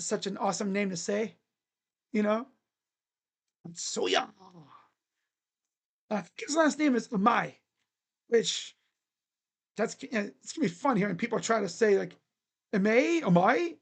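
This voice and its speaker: A sports channel host chatting casually on a live stream, making predictions in a jokey, rambling way with sudden shouted bits. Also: medium pitch, normal speed, creaky, long pauses. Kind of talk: casual live-stream commentary on baseball free agents.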